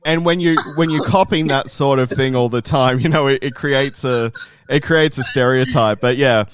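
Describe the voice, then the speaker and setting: A man's voice: medium pitch, normal speed, slight background noise. An Australian man co-hosting a podcast, telling stories in a rambling way with many restarts. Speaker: podcast co-host, guest. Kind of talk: casual chat.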